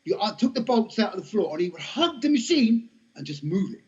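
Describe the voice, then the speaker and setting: A middle-aged man, telling lively, self-mocking stories as an interview guest. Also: high voice, brisk. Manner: animated, anecdotal, self-mocking. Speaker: guest actor. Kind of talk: casual storytelling interview. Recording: dull lo-fi podcast audio.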